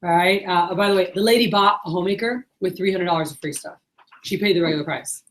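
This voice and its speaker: Fast-talking woman telling sales stories. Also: on the low side, poor audio. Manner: storytelling, acts out calls. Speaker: sales manager. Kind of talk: sales training talk.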